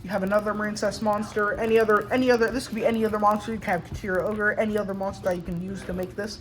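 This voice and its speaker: A woman casually explaining her card game deck, talking in a halting way with restarts and fillers. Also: medium pitch, little pitch movement, low-quality recording. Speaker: tournament winner showing her deck.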